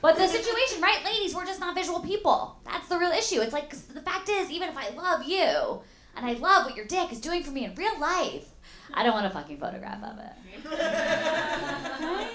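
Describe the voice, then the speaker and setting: A young woman doing a stand-up comedy set in a club, chatty and playful with the audience. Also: sits high. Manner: chatty, playful crowd work. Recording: roomy club sound with audience laughter. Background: audience laughing.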